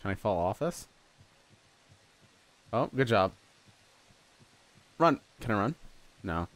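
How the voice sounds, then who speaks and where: Slow-paced but very animated, a young man with a fairly low voice plays a role-playing game and commentates casually. He swears a lot and laughs and exclaims whenever something catches him off guard.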